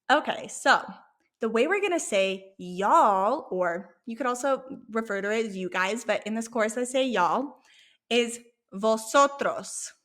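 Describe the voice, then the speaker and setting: A woman's voice: a little high, fairly bright tone. Upbeat woman teaching a lesson. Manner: encouraging, repeats words for learners to echo. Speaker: Spanish teacher. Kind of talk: online language lesson.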